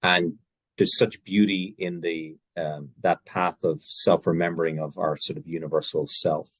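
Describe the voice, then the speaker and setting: A man from Ireland with an Irish accent, speaking softly and thoughtfully in a reflective conversation as host. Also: deep voice, steady tone, normal speed, slightly rough, no echo.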